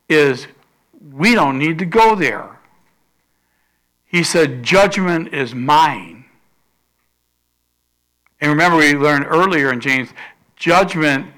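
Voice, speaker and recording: A man preaching a sermon as pastor, telling a story and acting out the quoted voices, with sudden loud rises and soft drops. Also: fairly high pitch, lively intonation, slow pace, pauses often.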